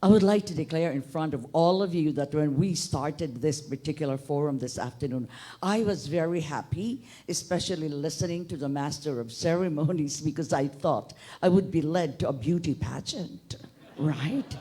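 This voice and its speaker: Public remarks at a conference-hall forum come from a middle-aged newspaper manager from Bohol, Philippines, who speaks with a Boholano accent. His voice is on the high side, dark with a breathy edge, at a normal speed, and his delivery is expansive and humorous, punctuated by emphatic bursts.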